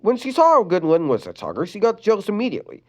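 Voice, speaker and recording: Expressive fan-story reader. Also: medium pitch, fast talker. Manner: expressive reading with restarts. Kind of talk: reading a fan-written sad story.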